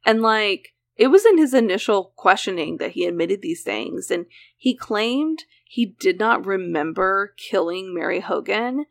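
Gravelly-voiced woman telling a crime story. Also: mid-range voice, expressive, measured pace, few pauses. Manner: conversational, reading case details with frequent "like". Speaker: true crime podcast host. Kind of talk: casual true crime storytelling.

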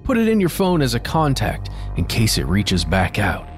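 Male podcast co-host, casual and wry, expressive pitch. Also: moderate pace, faint music behind.

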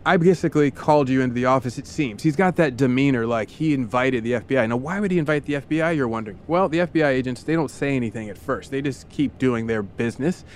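A playful man hosting a podcast tells a true story in the second person, vivid and fun, doing funny voices for side characters. His medium-pitched voice moves fast with hardly any pauses, over slight background noise.

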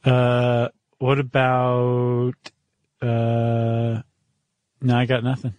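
A man hosting a podcast in casual chat, quick and joking, laughing often. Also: medium pitch, completely flat delivery, darkish tone, no room sound. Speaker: podcast host.

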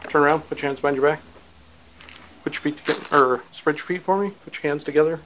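A man's voice: on the high side, fast talker, noisy background. A male police officer questioning and arresting a man in a blunt, businesslike way. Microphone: police body camera.

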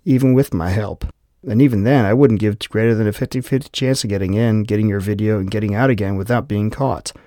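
A jittery male security guard, wary and cursing, as a male narrator plays him in a low, steady voice. He pushes back hard and sounds close to bolting. The read is dry and close, with no room around it. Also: a little fast, no echo, natural voice. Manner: exasperated, cursing.

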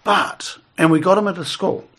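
A man's voice: high-pitched, steady tone, normal speed, fairly bright tone. A middle-aged man, telling a rambling story in casual conversation and chuckling as he goes.

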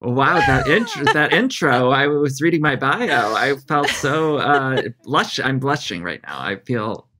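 A chatty man trading stories as a podcast guest. He sits at an ordinary middle pitch, quick to poke fun at himself in a loose, casual way. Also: sing-song, sharp tone. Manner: chatty, self-deprecating storyteller. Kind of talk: casual chat.

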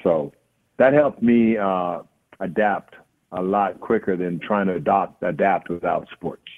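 A man with a Jamaican accent, a guest in a casual interview, telling stories in a relaxed way with many fillers. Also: low-pitched, a little slow. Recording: phone-line audio.

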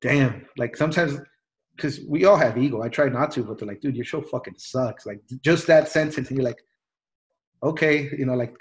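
A man's voice: medium pitch, normal speed, poor audio. Rambling casual male podcast host. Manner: rambling, many restarts and fillers, swears.

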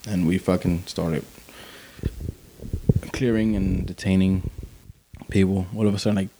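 A man's voice: deep voice, measured pace, noisy background. A man, an army veteran, telling a war story in casual, profane talk and acting out quotes. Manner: profane, animated, acts out quotes.

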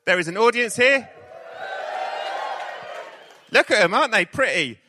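A man's voice: high voice, lively intonation, unhurried, a crowd in the background, noisy background. A man hosting a podcast live on stage in front of an audience, with playful, joking introductions. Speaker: podcast host. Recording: reverberant live theatre sound.

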